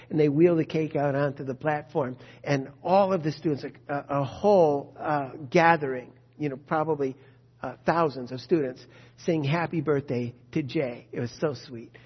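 A man preaching an Easter sermon as a pastor, telling a story and then leading a quiet, earnest prayer. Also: on the high side, in a large hall. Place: church sanctuary. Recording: dull lo-fi sound.

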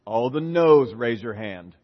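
Animated pastor man in a hall. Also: mid-range voice, unhurried. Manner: animated, questions the congregation, acts out prayers. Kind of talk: sermon. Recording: dull reverberant hall.

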